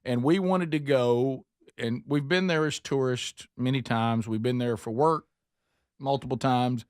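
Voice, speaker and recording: A man hosting a radio talk show, telling a story in a casual, animated way and now and then putting on a mock accent. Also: medium pitch, measured pace, smooth, no room sound, clean studio sound.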